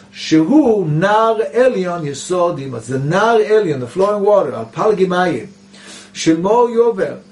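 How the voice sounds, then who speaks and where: A man teaching a Kabbalah lesson, reading Hebrew passages aloud and explaining them in English, often asking rhetorical questions. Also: sits high. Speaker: Torah teacher. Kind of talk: Kabbalah text study lesson. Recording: voice picked up from a distance.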